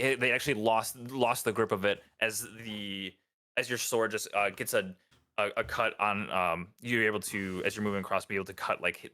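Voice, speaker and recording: A man narrating a tabletop game as dungeon master, halting and full of ums and restarts. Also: lowish voice, bright, forceful tone.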